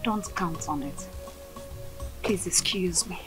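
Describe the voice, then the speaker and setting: A young village woman answers softly. She is polite yet firm, and she keeps her distance. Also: fairly low pitch, takes it slowly, loud music behind the voice.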